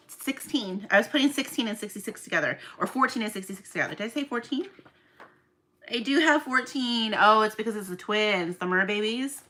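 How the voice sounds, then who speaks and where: A woman chatting casually to viewers while she packs orders, self-mocking and counting items out loud. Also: mid-range voice, brisk. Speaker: small online shop owner. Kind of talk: casual vlog chat to viewers.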